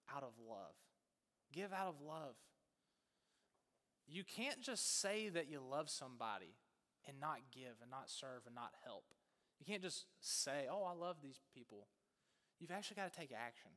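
Bright-voiced animated male preacher. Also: fairly high pitch. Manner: animated storytelling, acts out voices. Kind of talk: sermon. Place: church sanctuary. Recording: long church reverb.

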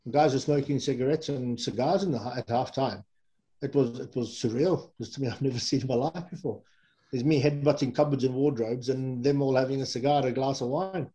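A middle-aged man from England, a former rugby player, telling relaxed, rambling anecdotes as an interview guest. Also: mid-range voice, rough recording. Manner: relaxed, rambling, with fillers and self-corrections. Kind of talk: casual anecdotal storytelling.

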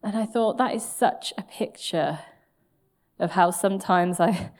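A woman's voice: lowish voice, a little slow, a little mellow. A woman preaching a sermon, telling a personal story in a candid, self-mocking way and laughing at herself.

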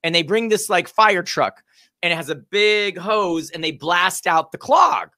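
A middle-aged woman telling a funny story in casual chat, animated and rising to shouts at the big moments. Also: fairly low pitch, unhurried, no room sound, studio quality. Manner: animated, builds to shouting peaks at the punchlines.

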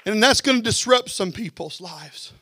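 A man preaching a fervent sermon as pastor, building to shouts and then dropping low. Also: animated, moderate pace, breathy edge, dry recording, a faint crowd.

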